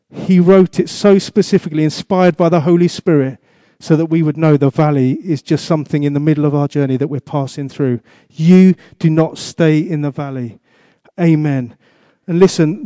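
Man, pastor, sermon, mellow voice, dry sound. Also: fairly high pitch, dry recording. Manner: preaching with rhetorical questions and repeated exhortations.

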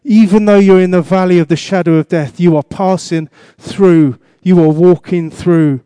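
A man's voice: sits high, fairly even intonation, normal speed, mellow, smooth, dry recording. A man preaching a sermon as pastor, asking the congregation questions and repeating his exhortations.

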